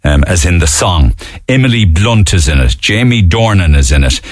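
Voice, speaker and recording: Man, Cork accent, radio host, lowish voice, dry studio sound, chatty and mocking. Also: lively intonation, normal speed, dry recording. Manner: chatty, mocking, laughs easily. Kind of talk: casual radio chat.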